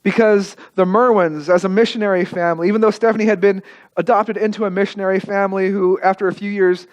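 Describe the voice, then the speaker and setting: A male pastor telling a story in a sermon, emotive, repeating phrases and dropping soft at key moments. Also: high-pitched, steady tone, fast talker.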